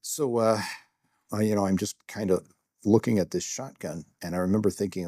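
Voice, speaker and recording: A man's voice: fairly low pitch, moderate pace, mellow, dry recording, clean studio sound. A middle-aged man, a security guard, telling a first-person story in a candid, self-deprecating way, rambling with fillers.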